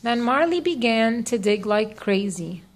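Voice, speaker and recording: A woman narrating a read-aloud children's story in a clear, measured way. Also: on the high side, expressive.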